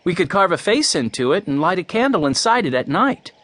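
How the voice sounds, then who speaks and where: A man's voice: high-pitched, very animated, brisk, fairly bright tone, no echo, pitched above the performer's own voice. A man reading a storybook, voicing a sensible fourteen-year-old boy in a near-natural, friendly voice.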